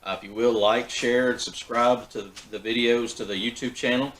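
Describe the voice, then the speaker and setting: A man hosting a backyard barbecue vlog, talking in a relaxed, folksy way with fillers and restarts. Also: medium pitch, normal speed, slight background noise, low-quality recording. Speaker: backyard BBQ channel host. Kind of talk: casual cooking vlog.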